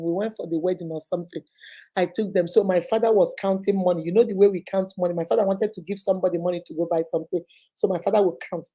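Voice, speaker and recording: A middle-aged woman with a Nigerian accent, hosting a casual live question-and-answer chat, telling stories and laughing often. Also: mid-range voice. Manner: lively, laughs often, mixes in pidgin. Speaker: host.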